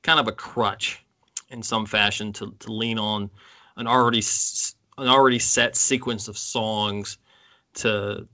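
A podcast co-host chats casually and enthusiastically about concert tours, often restarting sentences and breaking into laughs. His voice sits on the low side, with a steady, sharp tone.

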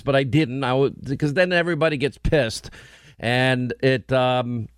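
A man hosting a radio and TV show, talking in casual on-air banter and telling blunt, animated stories with quoted asides. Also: mid-range voice, moderate pace, smooth, no room sound, clean studio sound. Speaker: radio and TV host.

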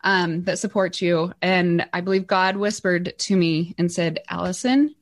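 A woman telling a motivational story, animated, acting out the voices in her quotes with big jumps in pitch. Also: measured pace, hardly any pauses. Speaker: guest speaker.

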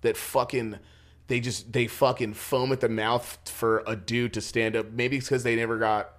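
A young man chatting on a podcast, swearing often and laughing through his stories. His delivery is loose, animated and unscripted, the way people talk among friends. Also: medium pitch, moderate pace. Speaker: podcast co-host. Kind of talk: casual podcast banter.

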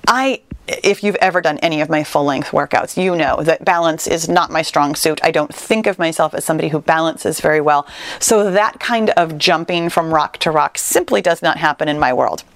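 A woman's voice: deep voice, no echo. A woman hosting a fitness podcast, telling a personal story in an earnest, encouraging way and speaking straight to her listeners. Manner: earnest, encouraging, with quick retellings.

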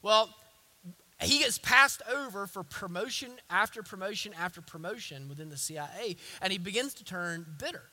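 A man delivers a sermon in a high, very bright voice. He drops to near-whispers for tender moments, then climbs into forceful, rhythmic repetitions. He often stammers and restarts his phrases. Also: lively intonation, normal speed. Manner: swings from hushed to forceful repeated declarations. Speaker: pastor.

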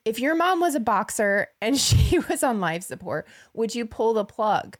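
Woman, casual chat, playful, giggly, quick punchlines. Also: a little high, sing-song.

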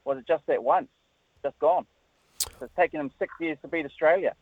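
Worked-up male caller, higher voice, dry tinny phone line. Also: fairly quick, no echo. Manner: fired up, questioning. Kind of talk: phone-in call.

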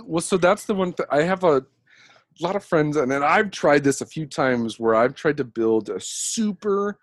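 Casting: man as an easygoing podcast host, lively and laughing, dry close sound. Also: fairly high pitch, no echo. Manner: chatty, animated, laughs often. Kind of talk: casual chat about role-playing.

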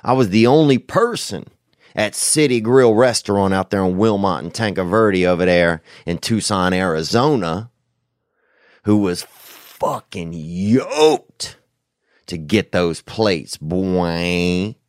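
Rambling, profane podcast host, low voice. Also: male voice, measured pace, no room sound, studio quality. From United States. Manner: rambling, profane, slangy storytelling with sudden loud bursts. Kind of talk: casual podcast storytelling.

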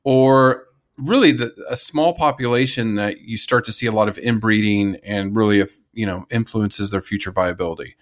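An American man with a lowish voice co-hosts a casual podcast about conservation at a normal speed. He talks with enthusiasm and tends to ramble, restarting sentences often and laughing along the way.

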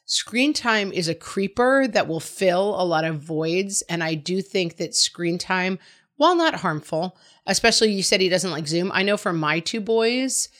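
Frank, slightly low-voiced woman giving advice. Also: a bit bright. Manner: frank, emphatic, chatty with quoted asides. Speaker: parenting advice host answering a listener question. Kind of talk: casual advice talk.

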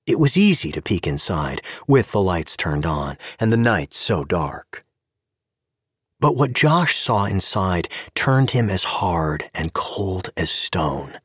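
A man giving an expressive scripted narration of an audio story. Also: deep voice, slow, breathy edge, dry recording, studio quality.

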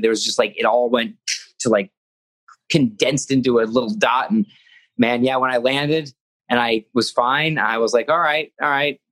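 With a mid-range, slightly bright voice, a young professional wrestler speaks earnestly during a casual interview. His talk rambles with restarts, and he acts out the things he said.

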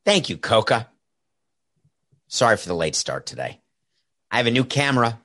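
A very animated sports podcast host, his medium-pitched voice pushed and bright at a normal pace, rambles sarcastically and cracks jokes on his solo talk show. He's in a home studio with a camera and soundboard, speaking into a headset mic with an earpiece, and there's no echo.

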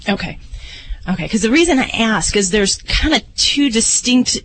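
A man's voice: high voice, animated, normal speed, a bit bright, low-quality recording. A man acting as a veterinarian co-host, explaining advice to a caller in a methodical way with frequent ums. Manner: methodical, many fillers.

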